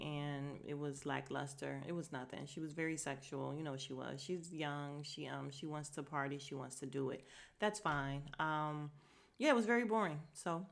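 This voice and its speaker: Hosting her podcast, a woman with a low, gravelly voice gossips casually through a reality show recap. She talks straight to her listeners, full of fillers and asides.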